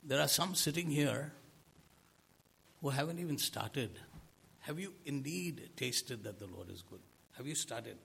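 A man's voice: mid-range voice, animated, a little slow, gravelly, pauses often, a bit bright, slight background noise. A man preaching a sermon to a congregation, asking them rhetorical questions. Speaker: pastor.

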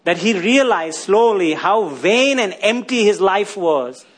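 Husky high-voiced preacher man. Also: lively intonation, a little slow. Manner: rhetorical questions to the congregation, tag questions like "isn't it?". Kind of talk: sermon.

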